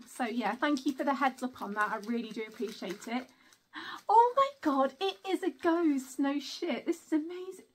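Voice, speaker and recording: A woman's voice: sits high, a bit bright. A woman chatting casually through an unboxing at home, apologetic and giggly, speaking into a camera mic. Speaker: vlogger.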